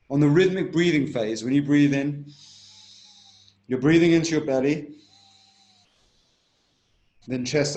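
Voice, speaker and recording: A man's voice: mid-range voice, darkish tone. A man teaching a breathwork technique in a conversation, explaining steps and demonstrating chanted tones. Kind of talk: instructional conversation. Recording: roomy echo.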